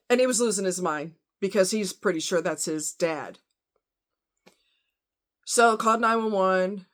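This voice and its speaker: Outspoken woman true crime vlogger, casual and heated, talks straight to her viewers, mid-pitched voice. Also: measured pace, long pauses. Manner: blunt, outspoken, fired-up; talks to viewers as y'all and honey.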